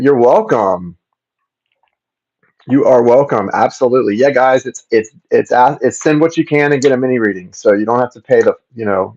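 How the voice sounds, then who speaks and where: A man from Florida hosting a casual tarot livestream from his home, chatting and rambling, often repeating words and greeting viewers by name. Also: medium pitch. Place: home, indoors. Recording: slightly dull livestream audio.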